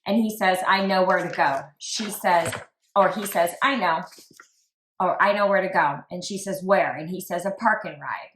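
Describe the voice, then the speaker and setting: A woman's voice: fairly low pitch, moderate pace. A woman podcast host chatting casually and reading text messages aloud with lots of "like" asides. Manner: reads quotes flatly with frequent "like" asides. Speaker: true crime podcast host. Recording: roomy echo.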